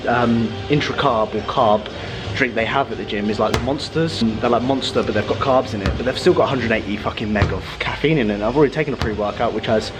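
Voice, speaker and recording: A man's voice: medium pitch, quick pace, music in the background. A man chatting casually and profanely, vlogging as a fitness coach from a parked car. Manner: profane, blokey banter. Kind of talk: casual vlog chat.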